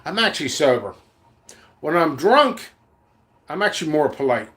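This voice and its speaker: High-voiced, bright man ranting angrily. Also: sing-song, moderate pace. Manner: angry, profane ranting; blunt and rambling with restarts. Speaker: seed vendor. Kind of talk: vlog rant to camera.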